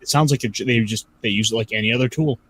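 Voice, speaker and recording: A man co-hosting a casual chat, tossing in quick wisecracks. His voice sits at a middling pitch in a dry, close recording. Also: a bit bright, slightly rough, dry recording.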